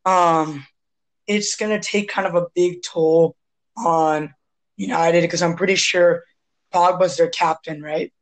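A hoarse young man hosting a casual sports podcast, rambling and often clearing his throat. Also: fairly high pitch, steady tone, slow, poor audio. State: hoarse from asthma. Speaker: podcast host.

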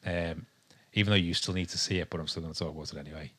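Young english guy chatting on a podcast, rambly and hesitant, really low voice. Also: steady tone, racing, a bit bright, slightly rough. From England. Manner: rambling and hesitant, lots of ums. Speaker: podcast co-host. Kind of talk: casual chat.

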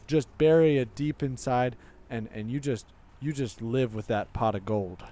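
A young man co-hosting a casual comedy podcast, rambling and excitable, with lots of slang and restarts. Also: medium pitch, moderate pace. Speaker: podcast co-host.

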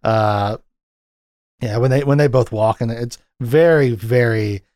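A man co-hosts a laid-back film discussion, rambling through scene retellings packed with fillers. His voice is medium-pitched and a little mellow, with a measured pace. The recording is studio quality, with no room sound.

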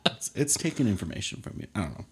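Husky, low-voiced podcast host. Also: male voice, very animated, quick pace. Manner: easygoing, asks questions. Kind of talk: casual chat.

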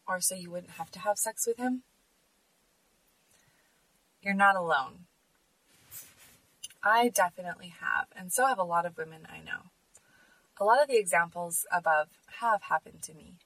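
Husky low-voiced woman, close dry mic. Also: a bit bright, dry recording, far from the mic, low-quality recording. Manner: earnest, emphatic, measured. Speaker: podcast host. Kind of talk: personal monologue.

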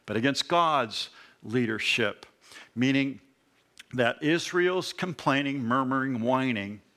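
A middle-aged pastor preaching a sermon, with a bright, forward tone at an ordinary pitch. He reads scripture aloud and talks it over with his listeners in a conversational way, breaking into lively asides.

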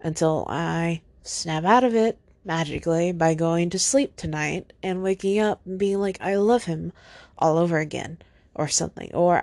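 Upset young woman venting solo, sighs a lot, low gravelly voice, dry close sound. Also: moderate pace, darkish tone, no room sound. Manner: frequent heavy sighs, upset. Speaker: podcast host.

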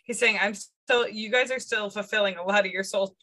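A woman psychic medium chatting as a podcast guest, relaying a spirit's words in lively quoted bursts and laughing often. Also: mid-range voice, fairly quick, rough recording. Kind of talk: casual podcast chat.

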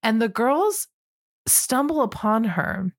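Giggly, unhurried woman chatting. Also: fairly high pitch, big pitch swings. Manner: laughs often, playful, exasperated asides. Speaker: podcast co-host. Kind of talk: casual chat recapping a film.

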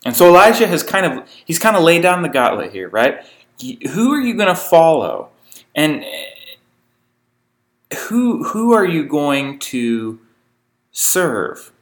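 A man's voice: a little high, very animated, slow pace, pauses often, fairly bright tone. A man reading a scripture passage aloud and breaking in with informal comments of his own. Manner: reads the passage steadily, breaks in with informal asides. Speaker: preacher.

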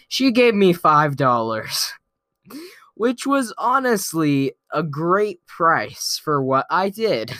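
A man tells a childhood story to his viewers in a relaxed, playful way and often chuckles. He talks slowly and draws out his words. His voice is bright and clean, and the sound is dry and close. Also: fairly high pitch, dry recording. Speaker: vlogger telling a weekly story. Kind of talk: casual storytelling to camera.

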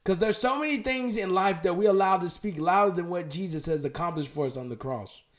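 A man preaching a podcast sermon, firing direct questions at the listener and dropping to a hushed, tender voice. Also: high voice, fairly quick.

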